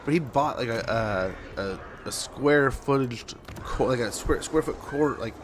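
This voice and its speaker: Streamer, male, thirties, mid-pitched, rambling casual storyteller who keeps restarting sentences. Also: a little slow, slight background noise. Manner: rambling, with many restarts and self-corrections. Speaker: game streamer.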